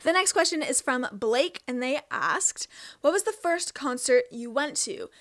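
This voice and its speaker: A woman's voice: high voice, lively intonation, measured pace, a bit bright, no echo. A Canadian woman in her twenties hosting a casual question-and-answer vlog, chatty and self-amused. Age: 20s. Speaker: host.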